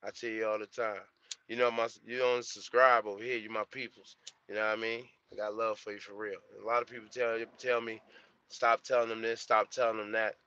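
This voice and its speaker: A man's voice: fairly low pitch, level tone, quick pace, pushed and bright, lo-fi sound. A young man streaming live as a trucker vlogger, chatting casually in a laid-back, slangy way and repeating himself. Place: truck cab.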